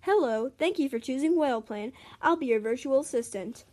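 A woman voicing a robotic virtual assistant aboard a plane, in slow, measured announcements. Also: high voice, lively intonation, darkish tone. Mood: announcing.

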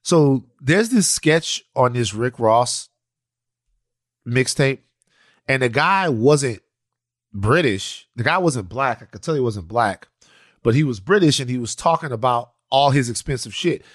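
Man, podcast co-host, bouncy pitch, dry close sound, rambling storyteller. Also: measured pace, no echo. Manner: animated storytelling, lots of restarts and "you know". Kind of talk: casual chat.

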